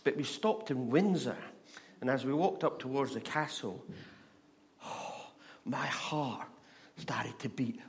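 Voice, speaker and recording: At a slow pace and in a mid-range voice, a man from Scotland delivers a conversational sermon. He uses humorous storytelling and asks the audience questions throughout.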